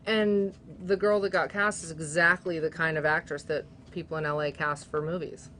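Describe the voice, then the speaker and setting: Chatty woman with a lowish voice. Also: steady tone, normal speed, a bit bright, a little hiss or hum. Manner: chatty, fills sentences with "like". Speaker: guest. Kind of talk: casual chat.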